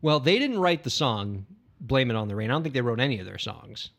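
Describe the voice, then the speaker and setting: A man's voice: medium pitch, very animated, brisk, vocal fry, a bit bright. A man co-hosting a casual podcast, explaining things plainly and bantering with his co-host.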